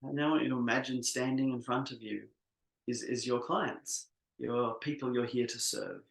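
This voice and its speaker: A man facilitating an online workshop, leading a slow, soothing guided exercise with many pauses over a video call. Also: medium pitch, steady tone, gravelly, roomy sound, rough recording.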